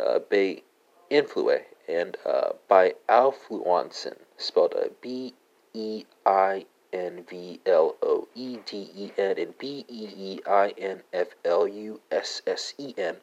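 Deep-voiced man spelling out verb forms. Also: darkish tone, highs cut off. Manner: halting, many fillers, spells words letter by letter. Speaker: language podcast host. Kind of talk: solo language lesson.

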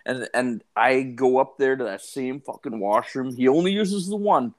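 A man's voice: medium pitch, normal speed. A young man co-hosting a podcast, rambling through crude stories and questions with lots of swearing. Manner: rambling, profane, joking. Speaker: podcast co-host. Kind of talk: crude casual chat.

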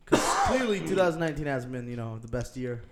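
A man's voice: mid-range voice, expressive, fast talker, heavy background noise. A young man in a casual chat with friends, laughing sheepishly and repeating himself as he defends himself.

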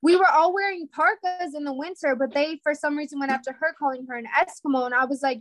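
A young woman streamer with a high voice tells stories bluntly and swears freely in casual chat. She is from the United States and speaks into a dry, close sound. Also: fast, few pauses, fairly bright tone, dry recording, rough recording. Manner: blunt, profane storytelling.

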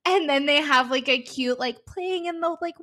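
A woman's voice: high-pitched, normal speed, pushed and bright. A young woman in casual chat, animatedly retelling a show's scenes and acting out the characters' lines. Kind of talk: casual chat recapping a show.

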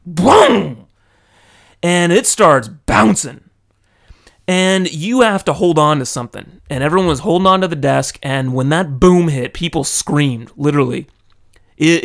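A man from California, animated and dramatic, telling a personal story into a close microphone. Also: a little high. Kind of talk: casual storytelling monologue. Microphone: close studio microphone.

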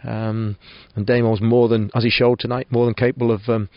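A man's voice: medium pitch, level tone, fairly quick, no room sound, dull audio. A man managing a football club, giving a post-match interview, full of restarts and fillers. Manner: hesitant, many restarts and fillers.

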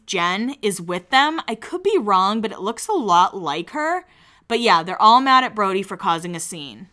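A woman's voice: mid-range voice, sharp tone, smooth. A woman casually recapping a reality show, chatty and candid, swearing freely and acting out quotes.

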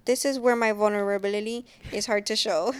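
A young woman co-hosting a casual chat, speaking softly and hesitantly with frequent ums. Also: medium pitch, steady tone, brisk, clear, resonant tone. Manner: soft-spoken, hesitant, with many ums. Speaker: co-host.

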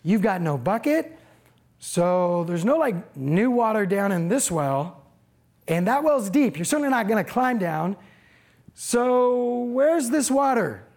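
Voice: mid-range voice, very animated, slow pace, darkish tone. A preacher voicing a fed-up, defiant Samaritan woman, blunt and exasperated, firing off questions. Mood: impatient.

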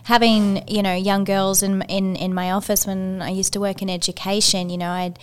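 A woman co-hosting a podcast, telling stories in an animated way and acting out past conversations. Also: mid-range voice, normal speed, clear, resonant tone. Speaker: podcast co-host, former educator. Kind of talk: casual interview chat.

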